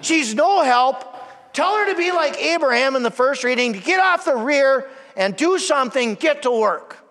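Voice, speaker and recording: A man's voice: extremely high pitch, lively intonation, normal speed, a bit bright, voice pushed up. A man acting out an exasperated woman who complains indignantly about her sister, in a church with a long reverb. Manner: indignant, emphatic.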